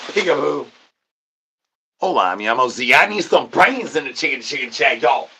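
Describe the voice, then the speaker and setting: A man's voice: mid-range voice, big pitch swings, normal speed, sharp tone, slightly rough. A man livestreaming, rambling nonsense to his chat in a sing-song patter, repeating rhyming filler syllables and catchphrases.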